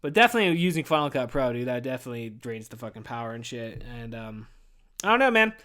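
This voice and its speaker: A man's voice: medium pitch, very animated, fast, bright, forceful tone. A man in his thirties hosting a podcast, venting in a weary, rambling way and swearing constantly. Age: 30s. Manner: profane, rambling, says "dude" constantly. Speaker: podcast host. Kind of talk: casual rambling monologue.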